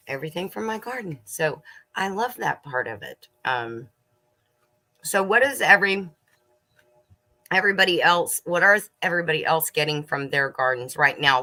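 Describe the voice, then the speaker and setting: Chatty and relaxed, a middle-aged woman talks to her homestead livestream viewers from the kitchen, laughing and munching along the way. Her voice sits low but comes across bright and forward.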